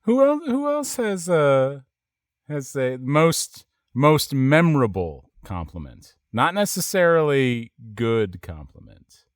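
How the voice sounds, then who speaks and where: A man's voice: mid-range voice, sing-song, slow, dry recording, clean studio sound. A man co-hosting a comedy podcast, playful and jokey in casual chat.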